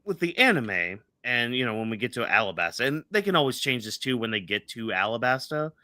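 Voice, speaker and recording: A man co-hosting a casual fan discussion show. His voice sits at a middle pitch and is recorded dry and close. He rambles, restarting sentences and leaning on fillers. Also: very animated, a little fast, bright, forceful tone, no echo. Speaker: podcast co-host.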